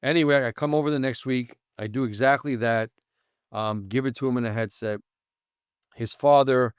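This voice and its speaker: A man who founded a startup tells a personal story on a podcast, earnest and quick, acting out a friend's lines in back-and-forth. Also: fairly low pitch, clear, resonant tone, no room sound, studio quality.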